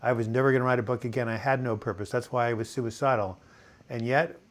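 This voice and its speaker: An older man hosting a live video chat from home, reading viewer comments and answering in a relaxed, rambling way with many fillers and restarts. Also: mid-range voice, fast. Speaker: host of a live video chat on mental health. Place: home in Portland, US.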